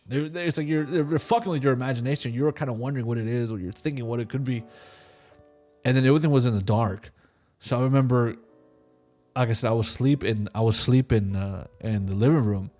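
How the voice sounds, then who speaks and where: A man's voice: medium pitch, a little mellow. A man in his twenties, co-hosting a podcast, tells stories in a loose, casual way that is full of swearing, fillers and restarts, and he briefly acts out the other people in them. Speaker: podcast co-host answering listener questions. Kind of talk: casual storytelling.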